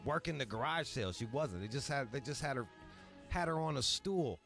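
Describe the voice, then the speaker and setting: A man's voice: medium pitch, expressive, fairly quick, creaky, a bit bright, soft background music. A man from Michigan telling a long, profane story in casual chat, full of asides and acted-out quotes. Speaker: podcast host.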